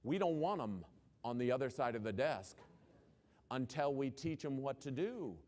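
A man's voice: medium pitch, expressive, normal speed, darkish tone. A man who is a former principal, giving a keynote talk to school leaders with punchy rhetorical questions and folksy humor. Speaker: education speaker, former principal.

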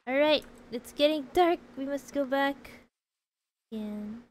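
A woman's voice: high-pitched, measured pace, a little mellow, a little hiss or hum, poor audio. A woman streaming a game, chatting casually, answering chat and laughing often.

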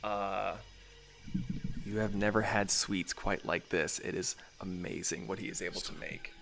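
A man's voice: low-pitched, fairly even intonation, a little slow, gravelly, fairly bright tone, slight background noise. A man narrating as game master in a tabletop game, rambling with many fillers.

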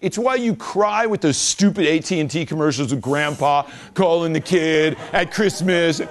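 Joking, animated man giving a talk. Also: fairly high pitch, normal speed. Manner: joking, animated, laughs with the audience. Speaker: speaker at a business event. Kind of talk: casual public talk.

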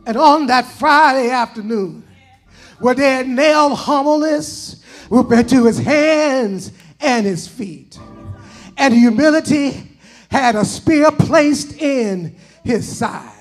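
A male pastor at a live church service, his voice sitting very high as he chants each phrase. He moves slowly, stretching words and pausing with "uh" between lines. Faint organ music runs under him. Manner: chanting, halting cadence with drawn-out phrases and "uh" breaks. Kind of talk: whooping Black church sermon climax.

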